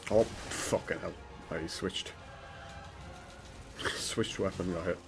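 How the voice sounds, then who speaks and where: A man's voice: low-pitched, fairly even intonation, slow, vocal fry. A man streaming a game live, talking to himself and swearing in frustration, with game music behind him. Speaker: gaming streamer. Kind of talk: live gameplay commentary.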